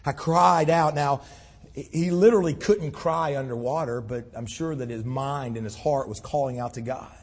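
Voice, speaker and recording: A man preaching a sermon with impassioned delivery, his voice swelling loud and then dropping low. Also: moderate pace, breathy edge. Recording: long reverb in a large hall.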